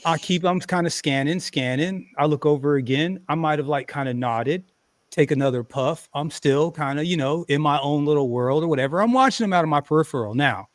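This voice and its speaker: Brief: high-pitched man, animated profane storyteller, dry close sound. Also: brisk, no room sound. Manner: animated, profane, acts out quotes loudly. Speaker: podcast host. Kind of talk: casual storytelling chat.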